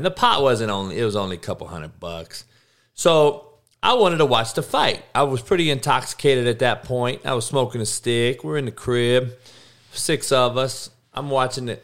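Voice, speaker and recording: A man with a mid-range, fairly bright voice rants on his own solo podcast. He is blunt and heated, swearing a lot, rambling, and restarting his sentences.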